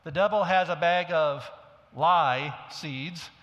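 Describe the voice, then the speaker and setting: A man's voice: fairly high pitch, takes it slowly, a bit bright, lo-fi sound. A middle-aged male pastor preaching a sermon, telling stories in a conversational way with self-deprecating humor. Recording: long hall reverb.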